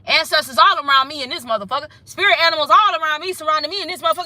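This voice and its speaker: A woman's voice: sits high, very fast, bright, forceful tone, no room sound. A woman giving a casual tarot reading, sassy and emphatic, swearing and repeating her points. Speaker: tarot reader.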